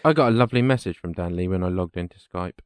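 A man with a lowish voice banters playfully in a casual chat. He giggles easily and keeps things silly. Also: quick pace, smooth, no echo. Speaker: podcast co-host.

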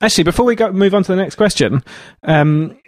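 A man's voice: sits high, expressive, fast, background noise. A man co-hosting a podcast, bantering and laughing often. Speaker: podcast co-host. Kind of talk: casual banter.

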